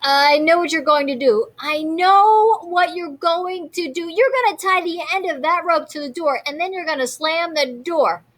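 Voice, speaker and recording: A woman voicing a young boy in a storybook reading, complaining in a high, wailing voice about his sore loose tooth. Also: normal speed, hardly any pauses, a bit bright. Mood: insistent.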